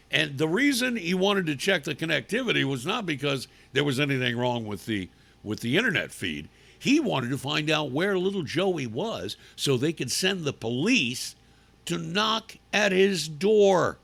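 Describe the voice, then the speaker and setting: A male radio talk host delivering an opinionated monologue. His voice is bright and gravelly, with a husky edge. He talks in a sarcastic, mocking way. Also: fairly high pitch, big pitch swings, moderate pace. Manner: sarcastic, mocking, acts out people in put-on voices. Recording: live radio broadcast stream.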